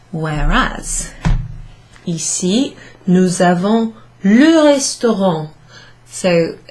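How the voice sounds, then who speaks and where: A woman's voice: fairly low pitch, low-quality recording. A woman from Wales teaching a beginners' French lesson, explaining patiently step by step with frequent ums and questions to her students. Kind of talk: classroom summary lesson.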